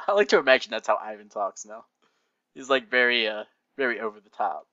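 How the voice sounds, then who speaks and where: A man's voice: mid-range voice, animated, fairly quick, pushed and bright, no echo, muffled recording. A man reading fan fiction aloud and breaking off into sarcastic, laughing asides.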